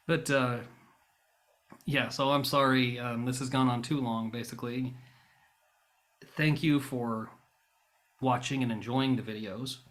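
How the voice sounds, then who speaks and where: Male YouTuber doing a rambling vlog monologue: wry, self-mocking rants that spike into loud outbursts. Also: medium pitch, fairly even intonation, takes it slowly, long pauses. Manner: flares into loud bursts.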